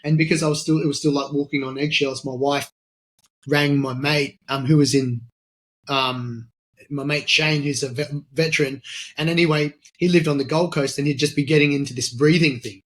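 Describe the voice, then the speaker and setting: An Australian man with a slightly high-pitched voice tells his story as a podcast guest. He talks casually and animatedly, stops and restarts his sentences, and acts out the voices of the people in his story. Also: normal speed. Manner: animated, acts out quoted dialogue, frequent restarts. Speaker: podcast guest, military veteran and charity founder.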